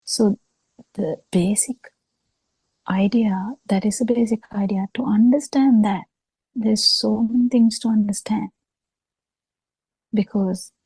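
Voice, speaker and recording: Slow, gravelly woman teaching. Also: mid-range voice, mellow, dry recording, poor audio. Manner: slow, halting, many pauses and fillers. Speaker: Buddhist teacher. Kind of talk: dharma talk over a video call. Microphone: video call.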